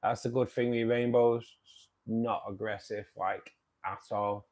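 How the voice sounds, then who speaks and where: A man with a Manchester accent hosts a casual livestream, answering viewers by name in a friendly, rambling way. His voice sits a little low. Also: level tone, a little slow, a little mellow. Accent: Manchester English. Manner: chatty, reads and answers viewer comments. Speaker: livestream host.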